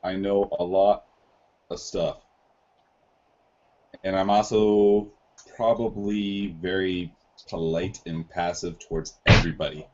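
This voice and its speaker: A man doing a flat, polite data-being. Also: low voice, slow pace, pauses often. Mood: calm. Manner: flat monotone. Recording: lo-fi online voice chat.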